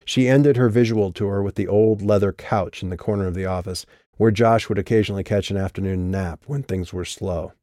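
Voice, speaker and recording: Low, mellow male audiobook narrator. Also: fairly quick, dry recording, studio quality. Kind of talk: scripted narration.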